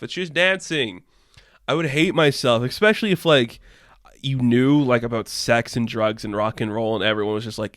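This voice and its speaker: A man's voice: mid-range voice, expressive, normal speed, fairly bright tone, no echo. A young man hosting a podcast, ranting in a casual, profane, exasperated way, recorded on a close mic. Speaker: podcast host.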